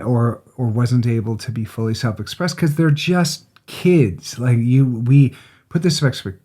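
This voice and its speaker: A middle-aged man, co-host of a podcast, telling a personal story in a relaxed, conversational way and acting out the voices of the people in it. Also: medium pitch. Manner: animated storyteller, acts out quoted voices, frequent restarts.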